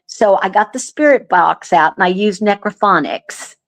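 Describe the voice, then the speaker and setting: A woman guest telling a story in casual chat, earnest and animated, with lots of fillers. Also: medium pitch, normal speed. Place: remote call.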